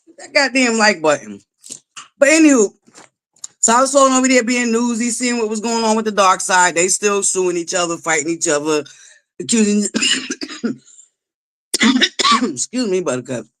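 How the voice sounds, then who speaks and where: On her casual gossip vlog, a woman commentator is sassy and foul-mouthed, scolding her viewers and jumping from quiet asides to loud exclamations. She's animated, keeps a moderate pace, and leaves long pauses.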